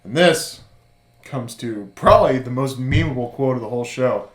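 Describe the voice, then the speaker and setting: A podcast co-host with a medium-pitched voice and moderate pace laughs his way through a casual recap of a TV show. His talk is loose and full of fillers, and the room gives it an echoey sound.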